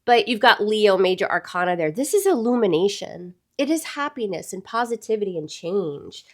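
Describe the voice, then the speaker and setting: A woman's voice: mid-range voice, expressive, normal speed. A woman reading tarot cards for her viewers in a casual, chatty way. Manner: chatty, addresses viewers as "y'all". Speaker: tarot reader.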